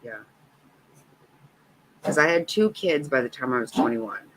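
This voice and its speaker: A woman's voice: a bass voice, animated, unhurried, noisy background. A woman in her fifties telling a personal story in a rambling, casual way, swearing freely. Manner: rambling, swears freely, laughs between lines.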